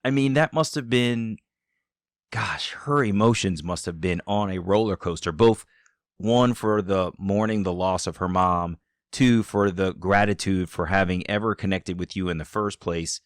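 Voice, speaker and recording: A man hosting a podcast, narrating in a low, even voice. His recording is dry and close, with no room sound, and he reflects on the story in a measured way. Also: dry recording. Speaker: podcast host. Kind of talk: narration and interviewing.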